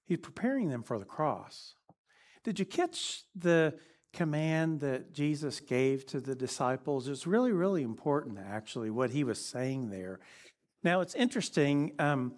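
Animated man preaching a sermon. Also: fairly high pitch, a little slow. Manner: animated storytelling, shifting between lively and hushed.

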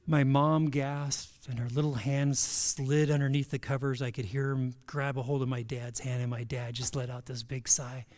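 A man who is a pastor, telling a personal story in a sermon and then leading a closing prayer, lively, with repeated words and restarts. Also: medium pitch, moderate pace, few pauses.

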